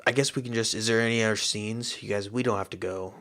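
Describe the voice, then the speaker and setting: A man with a fairly low, gravelly voice co-hosts a podcast in relaxed banter. He talks loosely, trailing off mid-thought and swearing freely. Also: fast talker. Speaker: podcast co-host. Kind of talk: casual chat.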